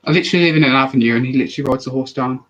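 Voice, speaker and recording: A young man chatting casually on a live stream, answering viewer questions in a rambling, animated way with frequent restarts. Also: mid-range voice, very fast, muffled recording.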